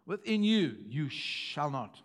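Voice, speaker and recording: Emphatic pastor, higher voice. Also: male voice, very animated, slow pace. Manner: emphatic, repeating phrases, swings from hushed to loud. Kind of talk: sermon.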